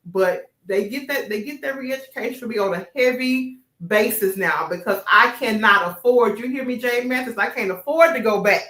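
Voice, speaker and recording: A woman hosting a podcast interview, chatting in an animated and affirming way. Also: on the high side, normal speed, hardly any pauses. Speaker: podcast host. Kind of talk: casual interview chat. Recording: roomy echo.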